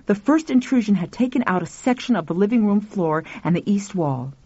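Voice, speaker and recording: A woman narrating an audiobook in an expressive, lively reading voice. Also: medium pitch, a little fast, slightly rough, no room sound. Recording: dull lo-fi dry recording.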